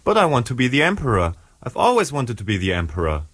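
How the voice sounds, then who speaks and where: A man's voice: mid-range voice, huge pitch swings, quick pace, fairly bright tone, slightly rough, heavily acted. A man playing a whiny would-be emperor. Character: grumpy man who wants to be emperor.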